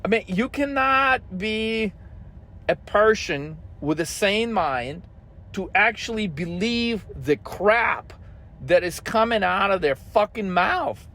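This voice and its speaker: A man's voice: high-pitched, animated, slow, pushed and bright. A man hosting a trading channel, ranting heatedly and swearing constantly as he comments on the markets.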